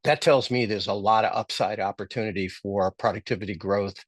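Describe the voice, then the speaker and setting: A man's voice: fairly low pitch, steady tone, a little fast, dry recording. A man co-hosting a business podcast, chatting casually and joking, thinking aloud with restarts. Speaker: podcast co-host.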